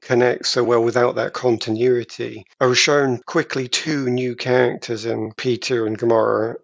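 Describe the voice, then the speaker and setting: A man co-hosting a podcast, talking through a film in a deliberate, emphatic way, stretching some words for effect. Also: mid-range voice, fairly even intonation, creaky, dry recording, highs cut off. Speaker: podcast co-host. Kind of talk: casual film discussion.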